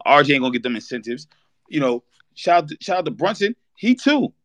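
Fired-up, high-voiced man ranting. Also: fast, no room sound. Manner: animated, profane, shouts in bursts. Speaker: podcast co-host. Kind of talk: heated fan rant on a live audio show.

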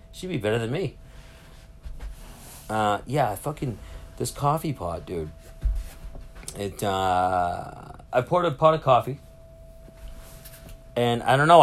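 A man casually rambling through a solo podcast story from a cruise ship cabin, swearing freely and getting sidetracked. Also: mid-range voice. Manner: rambling, profane, easily sidetracked. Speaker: podcast host. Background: public announcements.

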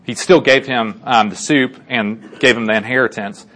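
A man's voice: mid-range voice, steady tone, normal speed, a bit bright. A man casually retelling a Bible story to a group, chatty, with many fillers and check-ins. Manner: chatty, lots of fillers and restarts, asks listeners for agreement. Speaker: Bible teacher.

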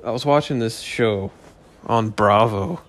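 Man, podcast host, low voice, slow unhurried delivery, swearing, rambling jokey solo chat. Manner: rambling, profane, joking asides.

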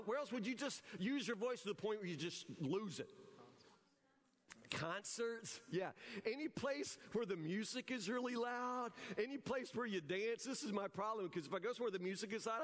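High-voiced preacher in a reverberant hall. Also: male voice, moderate pace. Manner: animated and joking, breaks into shouts. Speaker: pastor. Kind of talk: sermon.

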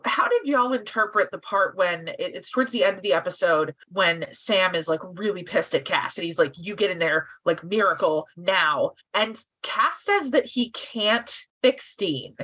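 A woman's voice: medium pitch, expressive, moderate pace, few pauses, a bit bright, slightly rough, rough recording. A woman co-hosting a casual podcast, talking things through thoughtfully and at length. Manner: thoughtful, offers interpretations at length. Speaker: podcast co-host. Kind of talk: casual fan discussion.

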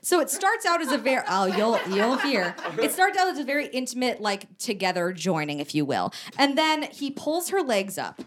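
A woman's voice: normal speed, hardly any pauses, noisy background. A woman co-hosting a live podcast show, recapping a romance novel and acting out the characters' lines. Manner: animated storytelling, quotes characters in lowered voice. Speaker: podcast co-host. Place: live show stage with audience. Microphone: stage microphone. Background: audience laughter.

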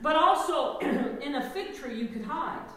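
A woman pastor preaching a lively sermon, engaging her congregation with call-and-response. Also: high-pitched, measured pace, recorded from a distance. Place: church sanctuary. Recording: echoey hall, mic from afar.

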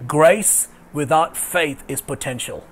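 A man's voice: a little high, slow, a bit bright. A man preaching an online sermon as pastor, emphatic and repeating his key phrases. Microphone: video call.

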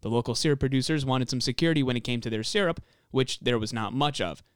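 Podcast host, male, smooth clear voice, dry close sound, laid-back read-out narration. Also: mid-range voice, quick pace, no echo. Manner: laid-back, swears casually, reads notes smoothly. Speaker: podcast host presenting the researched story.

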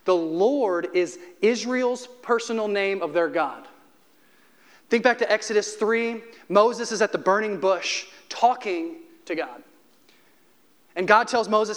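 A man with a somewhat high voice delivers a sermon to his congregation. He talks in a casual, conversational way, drops in light humor, and slows right down to stress the phrases he wants to land. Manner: conversational preaching with humor and slowed emphasis. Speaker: pastor.

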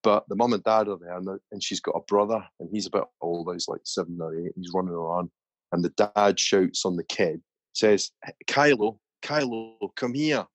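A man with a very low voice tells a long story in easy, chatty podcast talk. The sound is close and dry, with no room around it. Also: fairly even intonation, fast, no room sound. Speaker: podcast host. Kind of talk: casual chat.

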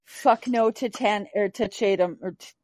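A woman's voice: mid-range voice, normal speed, a little mellow, no room sound. Woman hosting a podcast, blunt and sweary, plain dry room sound. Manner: blunt, emphatic, swears freely. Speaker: podcast host. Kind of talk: casual chat.

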